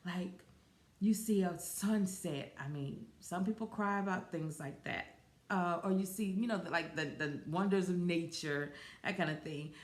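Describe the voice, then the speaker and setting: A woman's voice: on the low side, a little slow. A woman in her forties hosting a podcast, talking casually and rambling with fillers and self-corrections. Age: 40s. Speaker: podcast host. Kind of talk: casual solo podcast talk. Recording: roomy echo.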